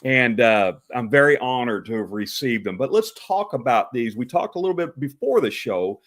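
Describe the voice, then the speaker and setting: A man's voice: mid-range voice, lively intonation, moderate pace, fairly bright tone. Rambling East Texas man hosting a show. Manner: rambling, many fillers and restarts. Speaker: host. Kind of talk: casual live-show chat.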